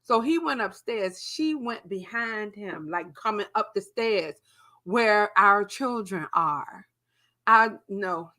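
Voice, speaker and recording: A woman's voice: medium pitch, slow. A young adult woman co-hosting a podcast, telling a story casually, swearing freely and acting out what people said. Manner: animated, profane, acts out quotes. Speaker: podcast co-host.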